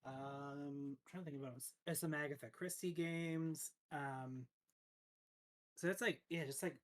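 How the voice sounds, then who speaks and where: A man's voice: fairly high pitch, measured pace. A man chatting casually as a streamer guest, rambling with lots of fillers, restarts and frequent laughter. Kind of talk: casual chat.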